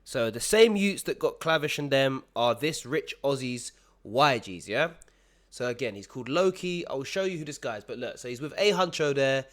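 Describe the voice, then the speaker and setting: A man's voice: mid-range voice, expressive, moderate pace, a bit bright. A young man giving casual reaction commentary, full of slang, tacking bro onto nearly every sentence.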